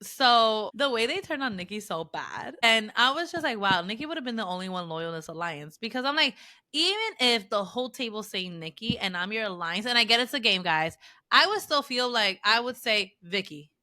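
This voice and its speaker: A young woman co-hosting a casual podcast, chatting excitedly and acting out moments from a reality show. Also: on the high side, a little fast, no echo, studio quality. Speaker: podcast co-host. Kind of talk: casual chat.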